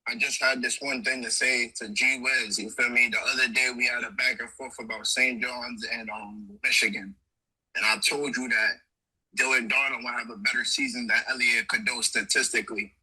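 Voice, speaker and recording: A man's voice: medium pitch, level tone, moderate pace, bright, forceful tone, breathy edge, low-quality recording. A man from New York City with a thick New York accent, leaving a brash, challenging voice message for a podcast. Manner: brash, challenging street talk. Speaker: caller leaving a voice note. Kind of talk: casual voice message.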